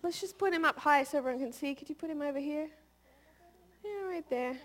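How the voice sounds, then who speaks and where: Woman preacher, slightly high voice, chatty sermon, keeps asking the room questions. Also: fairly quick. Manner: conversational, playful, asks the audience questions.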